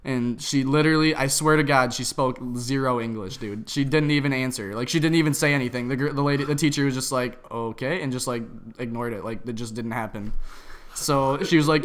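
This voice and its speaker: A man's voice: mid-range voice, fairly quick. A young man in his twenties, a podcast co-host, telling a rambling story in casual, slang-heavy chat.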